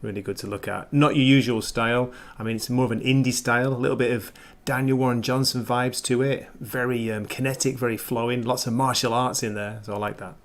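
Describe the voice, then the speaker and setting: A man on a stream panel calmly giving his opinion on a comic he liked. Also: mid-range voice, brisk. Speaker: panel guest. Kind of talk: casual comic-book review chat.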